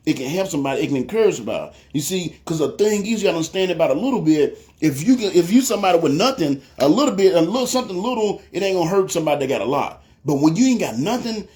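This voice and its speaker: Fast-talking preacher man. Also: on the high side, a little mellow. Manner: storytelling with frequent "you know what I'm saying". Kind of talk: testimony sermon.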